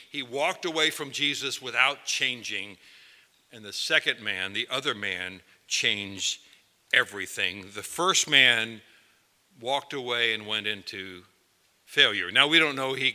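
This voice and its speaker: A man's voice: on the low side, bright, forceful tone. A male pastor giving a sermon, talking conversationally and addressing his listeners directly. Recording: long hall reverb.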